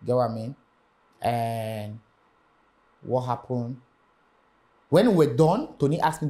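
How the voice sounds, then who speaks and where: Brief: young male musician, lively interview storyteller who acts out the voices in his story. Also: medium pitch, slow pace, pauses often. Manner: animated storyteller acting out quoted voices. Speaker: music artist guest.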